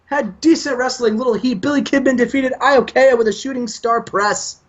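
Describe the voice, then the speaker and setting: A man's voice: extremely high pitch, steady tone, normal speed. A man hosting a gaming show, casually recapping matches in a chatty way, on a lo-fi recording. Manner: chatty, recaps events, acts out lines. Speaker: gaming channel host. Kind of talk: casual game commentary.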